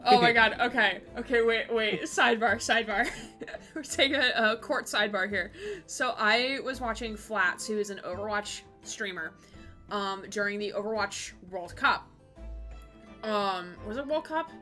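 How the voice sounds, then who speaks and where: Faint music sits behind this Twitch streamer, whose voice is medium-pitched with a sharp tone. Playing a game live alongside a voice partner, she talks casually with viewers, laughing a lot and throwing in chatty, giggly asides to chat.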